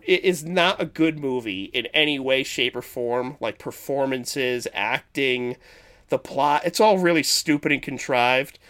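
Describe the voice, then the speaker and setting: A man co-hosting a podcast in casual chat, rambling and animated as he retells movie scenes. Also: medium pitch, clean tone. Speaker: podcast co-host.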